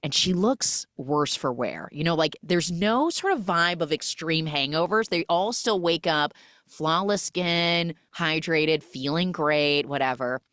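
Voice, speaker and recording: Give me an animated woman retelling a film on a podcast, lowish voice, dry recording. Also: no echo. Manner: animated retelling, acts out characters and sound effects, many "like" fillers. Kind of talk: casual spoiler recap of a film.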